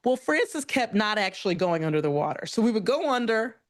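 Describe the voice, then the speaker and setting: Lively laughing American woman storyteller. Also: medium pitch, fairly quick. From United States. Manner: animated, laughing often, acts out quoted voices. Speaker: podcast co-host. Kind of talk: comedic storytelling chat.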